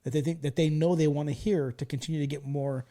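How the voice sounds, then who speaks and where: A man's voice: a little high, fairly even intonation, quick pace, warm tone. A man in his forties hosting a casual podcast, telling stories animatedly and swearing freely. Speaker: podcast host. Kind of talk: casual chat.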